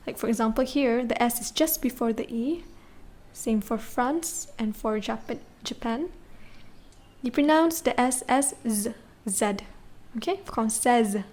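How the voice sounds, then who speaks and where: Patient woman teaching French, slightly high voice. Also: unhurried, darkish tone. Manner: patient, spells words letter by letter, checks with "okay?" and "right?". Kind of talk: classroom lesson explaining grammar.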